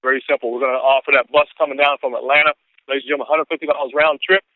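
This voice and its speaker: A man on a conference call, hyping an upcoming event in an excitable, whooping sales manner. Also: mid-range voice, racing, dry recording. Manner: excitable, whooping, preacher-like hype. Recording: phone line.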